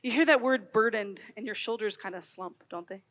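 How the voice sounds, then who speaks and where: A woman in her thirties giving an expressive, storytelling talk to a youth conference, swinging from loud to hushed. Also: medium pitch, a little fast, in a large hall. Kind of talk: animated Catholic youth talk. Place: large hall.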